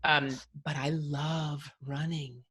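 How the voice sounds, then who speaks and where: Low-voiced enthusiastic woman in her fifties. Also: level tone, slow, fairly bright tone, breathy edge. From United States. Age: 50s. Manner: enthusiastic, affirming, many yeses. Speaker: podcast host. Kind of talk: casual podcast interview.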